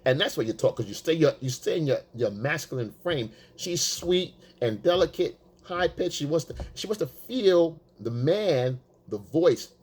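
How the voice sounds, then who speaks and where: A man's voice: a little high, breathy edge. A man talking as a dating coach, casual and profane, repeating himself for emphasis. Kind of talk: casual coaching talk to the camera.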